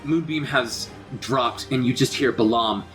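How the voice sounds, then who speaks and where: A man's voice: mid-range voice, unhurried, fairly bright tone, faint music behind. A man narrating a tabletop role-play game as game master, with vivid scene descriptions.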